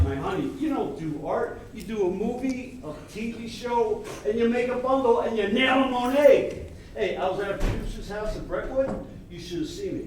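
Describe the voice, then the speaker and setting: Guy doing a pushy hollywood agent, high voice, stage play heard from far back. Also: darkish tone, very echoey, slight background noise. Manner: pushy, wisecracking salesman patter. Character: brash fast-talking male Hollywood agent. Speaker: stage actor. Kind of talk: live amateur stage play. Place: theater stage.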